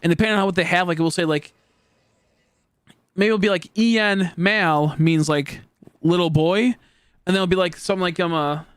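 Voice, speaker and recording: A man's voice: high-pitched, fairly even intonation, moderate pace, long pauses, clean tone, no echo. A young man chatting casually with his livestream viewers, rambling with a stream of "like" and "you know" and chuckling often. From United States. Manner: chuckles often between remarks. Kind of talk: casual chat with live viewers.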